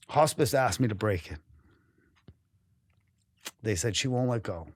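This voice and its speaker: Man, podcast guest, from New England, somewhat low voice, dry sound, candid, emotional, profane. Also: animated, unhurried, no room sound. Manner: raw and emotional, swears freely, breaks off and restarts. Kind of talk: candid storytelling in a podcast interview.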